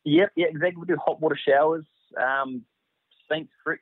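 A man's voice: fairly high pitch, very animated, normal speed, gravelly, no room sound. A man, an operations manager, chatting casually and agreeably about his company's boats. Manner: agreeable, promotional. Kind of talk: casual interview over phone. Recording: tinny phone line.

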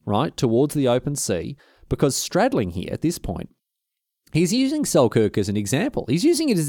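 A man, hosting a podcast and narrating a history story in a casual, slangy, animated way. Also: mid-range voice, dry recording, studio quality. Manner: animated, slangy, acts out the quotes. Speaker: podcast host.

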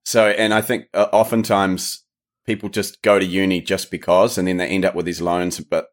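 A man's voice: sits low, level tone, normal speed. A man from New Zealand with a New Zealand accent, a podcast guest chatting casually and hedging with lots of "sort of". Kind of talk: casual interview chat.

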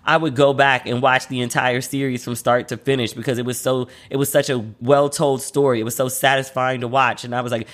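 A man at a middle pitch hosting a casual solo podcast. He talks in a loose, slangy way and slips into quick voices whenever he quotes somebody. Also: level tone, fairly bright tone. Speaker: podcast host.

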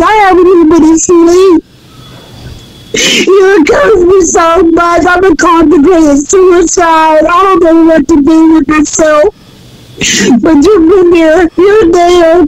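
A crying woman in her sixties calls in, her voice very high-pitched and her words slow and drawn out. She keeps thanking the host again and again, with a crowd murmuring loudly behind her. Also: low-quality recording. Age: 60s. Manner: tearful, repeats her thanks over and over. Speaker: caller. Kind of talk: emotional phone-in call.

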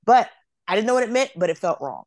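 A woman comedian telling stories on a podcast, lively and blunt, acting out other people's voices and swearing freely. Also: mid-range voice, quick pace, no echo. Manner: animated storyteller, acts out quoted voices, swears freely. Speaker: comedian guest. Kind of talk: casual podcast storytelling.

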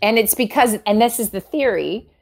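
A woman's voice: medium pitch, animated, moderate pace, gravelly, a little mellow, soft background music. A woman co-hosting a podcast, chatting casually and animatedly, laughing often as she tells stories. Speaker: podcast co-host. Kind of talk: casual chat.

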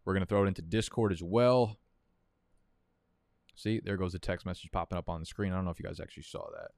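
A man's voice: low voice, lively intonation, fast talker, creaky, a little mellow, dry recording, studio quality. Profane, rambling man streaming a fantasy draft. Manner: rambling, profane, tangent-prone. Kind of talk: casual livestream chat.

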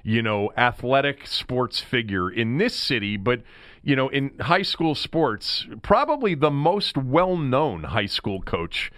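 Animated male sports radio host. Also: medium pitch, slow pace, no room sound, studio quality. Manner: animated storyteller. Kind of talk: sports talk radio banter.

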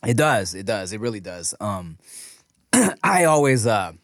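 A man's voice: fairly low pitch, measured pace, dry recording, studio quality. A man in his thirties, a new father, chatting casually with restarts and swearing, telling stories. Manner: rambling, profane, animated storytelling with restarts. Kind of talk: casual chat while eating.

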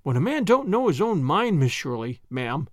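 A man's voice: fairly high pitch, big pitch swings, normal speed, no room sound, studio quality. A man voicing a gossipy, eager young female housemaid who chatters breathlessly in rustic grammar. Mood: eager gossip.

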